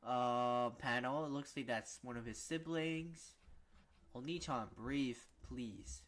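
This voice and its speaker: A man's voice: medium pitch, takes it slowly, fairly bright tone. A man streaming a casual manga reading, chatty and reacting aloud with frequent fillers.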